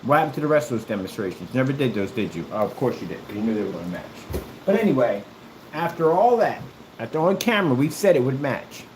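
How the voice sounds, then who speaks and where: A man's voice: medium pitch, sing-song, fast, roomy sound, noisy background. A man ranting in a callout video, combative and mocking, who keeps repeating himself. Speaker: YouTuber.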